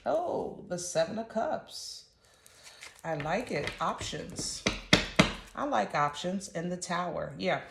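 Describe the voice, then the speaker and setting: A woman's voice: on the low side, lively intonation, takes it slowly, creaky, heavy background noise. Chatty, slangy woman tarot reader. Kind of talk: casual tarot reading. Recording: roomy echo.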